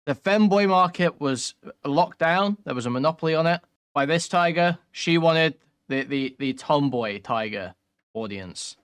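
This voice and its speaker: A man's voice: a little high, lively intonation, measured pace, fairly bright tone, smooth, dry recording. A man co-hosting casual commentary, blunt and joking, laughing often. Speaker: co-host commentator.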